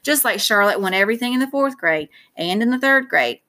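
A woman's voice: a little high, lively intonation, fairly quick, bright, forceful tone. Female reader as a joking schoolboy, offhand and blunt.

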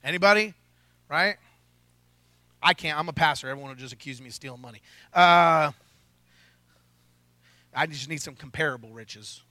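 A man's voice: fairly high pitch, moderate pace, long pauses, bright, forceful tone, dry recording. A pastor preaching a sermon to his congregation, joking and talking casually, often asking the crowd "right?". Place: church hall with a congregation.

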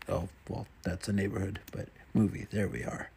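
Male vlogger, low and gravelly, loose rambling delivery with frequent swearing. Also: steady tone, moderate pace, a little mellow. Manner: rambling, swears often, mutters to himself. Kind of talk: casual solo chat while browsing.

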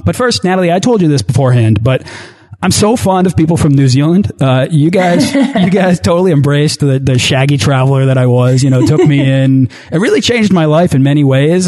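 A man's voice: on the high side, dark tone. Man, podcast host, enthusiastic, encouraging, interview.

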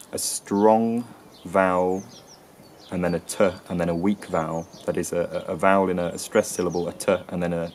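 English male presenter, low and even voice, hesitant explanatory delivery. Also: a little hiss or hum. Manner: hesitant, frequent ums and restarts. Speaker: accent and linguistics presenter. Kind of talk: explanatory lesson.

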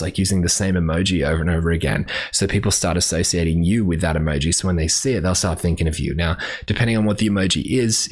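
A man hosting a podcast alone, talking casually and rambling with many fillers and restarts. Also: sits low. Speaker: podcast host. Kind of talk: casual solo podcast monologue.

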